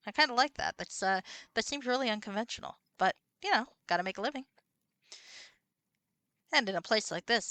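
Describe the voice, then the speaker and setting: A woman's voice: mid-range voice, a bit bright. A woman streaming a computer role-playing game, chatting casually, swearing and reading out the characters' lines. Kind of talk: casual let's-play chat with read-aloud dialogue.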